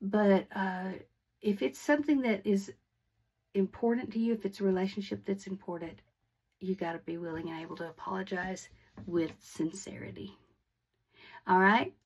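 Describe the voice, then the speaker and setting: A woman's voice: medium pitch, fairly even intonation, moderate pace, long pauses, breathy edge, rough recording. A woman hosting her own channel, giving a casual video lesson to camera in a friendly way, often restarting and repeating her words. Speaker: online teacher and channel host.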